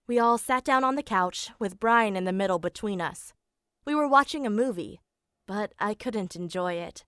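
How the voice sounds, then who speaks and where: The voice of a young teenage girl, as a woman reads her part tells her tale in an animated story, plain and matter-of-fact. Her pitch sits in the middle. The studio sound is close and dry. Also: moderate pace, clear, resonant tone, no echo, lightly acted. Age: young adult. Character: eighteen-year-old girl telling her own story. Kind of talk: scripted first-person narration.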